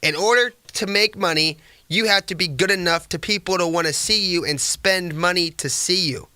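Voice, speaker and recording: Sarcastic male podcast host, bright, tense tone, dry close sound. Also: high-pitched, normal speed, dry recording. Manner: sarcastic, mocking, rambling. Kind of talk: casual sports commentary.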